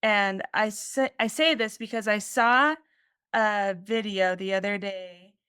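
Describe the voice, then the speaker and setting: A woman's voice: mid-range voice, steady tone, takes it slowly, pushed and bright, clean tone, no echo, studio quality. A woman hosting a podcast interview, enthusiastic and rambling as she asks her questions. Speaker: podcast host. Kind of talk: casual interview conversation.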